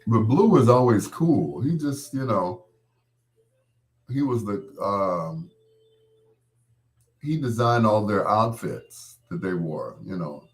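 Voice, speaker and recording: A man's voice: fairly low pitch, animated, slow pace, pauses often. A man working as a late-night radio DJ, chatting in a laid-back, storytelling way with casual slang.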